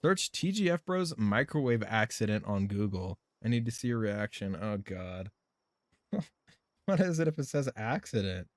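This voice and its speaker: A man's voice: on the low side, big pitch swings, normal speed, dry recording, clean studio sound. A man live streaming a game, chatting casually in a loose, rambling way, swearing and laughing often.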